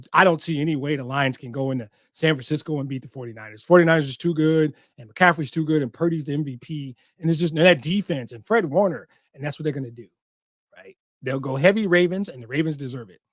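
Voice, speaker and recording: A man's voice: a little high, no echo, studio quality. A man hosting a sports podcast, talking emphatically and repeating short punchy lines, with an occasional curse. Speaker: podcast host. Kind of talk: passionate sports talk.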